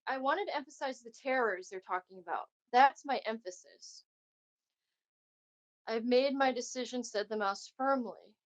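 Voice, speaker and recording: A higher-pitched, slightly bright woman, an arts teaching artist, leads a remote class over a video call lesson, demonstrating by reading a picture book aloud. She is encouraging and poses questions to her students. The recording quality is low.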